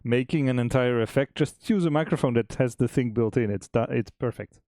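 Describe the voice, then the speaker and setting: A man co-hosting a stream, chatting casually about making a game, relaxed and chuckling, often restarting his sentences. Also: medium pitch, a little fast, dry recording, clean studio sound. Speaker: game developer and stream co-host.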